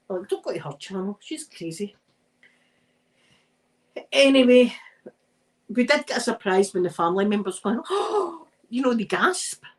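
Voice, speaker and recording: Chatty Scottish woman with a lively pitch. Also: unhurried, pauses often, rough recording. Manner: chatty, laughing, rambling storyteller. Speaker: live streamer. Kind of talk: casual chat while ironing.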